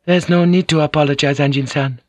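A man reading an audiobook, voicing a gracious young Japanese noblewoman who speaks calmly in formal, measured phrases. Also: fairly high pitch, dry recording, lo-fi sound, voice pushed up, close to an everyday voice. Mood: calm, gentle.

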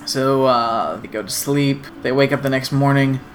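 A man's voice: medium pitch, moderate pace, a little hiss or hum. A man co-hosting a podcast, casually recapping a sitcom episode and acting out the characters' lines. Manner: animated retelling, acts out quotes. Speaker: podcast co-host.

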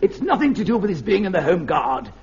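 A dithering, genteel old colonel. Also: male voice, sits high, big pitch swings, fairly quick, a little mellow, a little hiss or hum. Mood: genial. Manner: polite, dithering, with many hesitations. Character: genial, hesitant upper-class army colonel, older man. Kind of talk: 1970s radio sitcom acting. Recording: dull archive radio recording.

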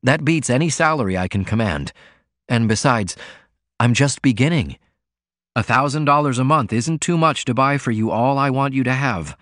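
For this audiobook, a man voices an eager, earnest young writer who is poor, using a mid-range, natural-sounding voice pitched above his own, with lively intonation and a moderate pace. The tone is a bit bright. The recording is dry and studio-clean.

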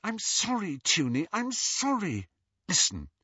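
An earnest young girl with a lifted, emotional voice, put on by a man reading a storybook. Her lines swing widely in pitch and carry a husky grain. The recording sounds dry and slightly dull. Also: wildly swooping pitch, a little slow, pushed and bright, no room sound, heavily acted. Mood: pleading. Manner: pleading, emotional, higher voice.

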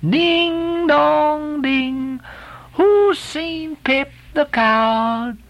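Brief: woman as a lost, frightened cabin boy, sing-song and rambling, high and slow. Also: animated, fairly bright tone, full character voice. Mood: crazed. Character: young crazed ship's boy, frightened and lost.

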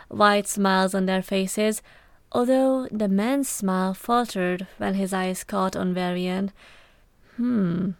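A woman's voice: medium pitch, vocal fry, clear, resonant tone, no room sound. A woman reading a story aloud as narrator, telling it steadily and evenly. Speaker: podfic reader. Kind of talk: scripted narration.

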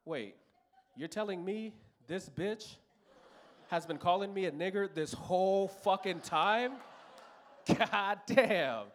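A man's voice: sits high, brisk, a bit bright. A man from Los Angeles in his thirties telling a profane stand-up story on a comedy club stage, acting out other people's voices.

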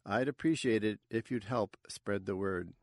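A man's voice: fairly low pitch, normal speed, no echo, clean studio sound. A man hosting a fiction podcast, closing the episode in a wry, self-deprecating way. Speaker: podcast host. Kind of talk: podcast outro.

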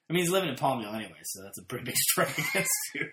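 A podcast co-host telling a story in casual chat, with an animated, sarcastic manner. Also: mid-range voice, racing. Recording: roomy echoey room.

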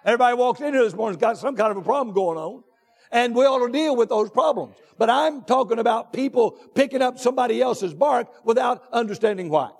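A man preaching a sermon from the pulpit, emphatic, drawn out and repetitive, rising to shouts on his key points. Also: extremely high pitch, animated, gravelly. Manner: drawn-out deliberate phrasing with repetitions. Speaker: pastor. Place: church sanctuary. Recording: long reverb of a large church hall.

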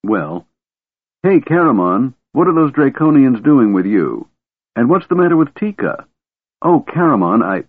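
A man voicing a small, curious male kender who is childlike, chatty and shrill, in an audiobook. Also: sing-song, unhurried, slightly rough, no room sound. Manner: eager, wide-eyed questioning. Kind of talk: audiobook character voice. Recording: narrow phone-like audio.

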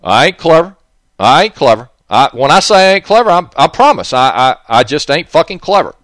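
Southern man host, blunt and profane, animated delivery, dry close sound. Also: fairly high pitch, brisk, no room sound. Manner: blunt, profane, rambling, digressive. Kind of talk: rambling casual monologue.

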